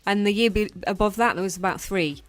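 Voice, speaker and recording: A woman's voice: medium pitch, fairly quick. A woman from North Wales, a former actress, chatting as a guest on a radio show and often agreeing with short replies. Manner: warm agreeing backchannel, brief replies. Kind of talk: casual radio interview chat. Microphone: studio microphone.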